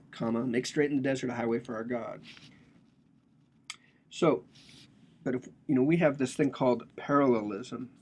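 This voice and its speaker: A man's voice: mid-range voice, bright, forceful tone, slight background noise. A man giving a casual, joking lecture on a religious text, explaining it with slang and asides.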